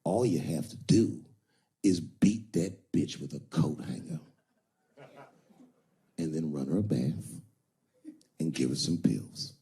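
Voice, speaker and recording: A man voicing a callous older pimp who gives advice in a low, slow, hushed voice. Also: full character voice. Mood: sly.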